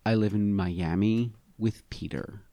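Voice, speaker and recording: A man's voice: fairly low pitch, unhurried, no room sound. A man voicing a younger male ex-lover who sounds indifferent and businesslike. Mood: cool. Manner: flat, dismissive, businesslike.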